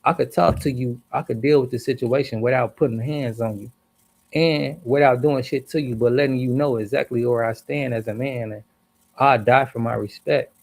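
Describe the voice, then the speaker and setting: A man's voice: medium pitch, fairly even intonation, normal speed, gravelly, a little mellow. A man livestreaming an angry, profane story with heavy emphasis. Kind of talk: heated storytelling rant.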